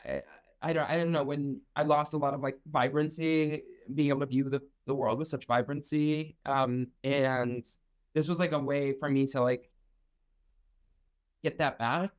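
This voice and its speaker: A young man being interviewed as a winning contestant, speaking in halting phrases full of fillers. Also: medium pitch, steady tone, rough recording. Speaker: race winner guest. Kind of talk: emotional interview reflection.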